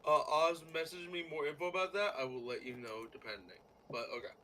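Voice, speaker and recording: Lively, bright-voiced male game master. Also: on the high side, slight background noise, poor audio. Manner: halting, lots of fillers and restarts. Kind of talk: narrating a tabletop game.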